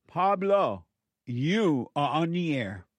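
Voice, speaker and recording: A man's voice: fairly high pitch, very animated, takes it slowly, no echo. Emphatic male talk-radio host, dry studio. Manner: emphatic, preachy, repeats phrases.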